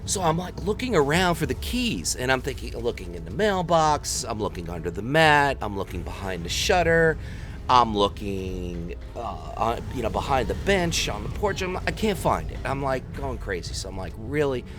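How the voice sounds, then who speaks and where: Animated man telling a joking story. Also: medium pitch, normal speed, soft background music. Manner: animated, joking, self-mocking. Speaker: gaming video host. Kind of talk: storytelling over gameplay commentary.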